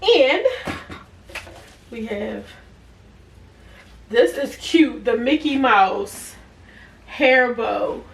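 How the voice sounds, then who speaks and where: Casting note: woman, unhurried and chatty, voice set back from the mic in an echoey room. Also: on the high side, gravelly. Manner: chatty, talks to viewers as y'all, easy laughs. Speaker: vlogger reviewing products. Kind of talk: casual unboxing review. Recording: echoey room, a bit far from the mic, faint noise.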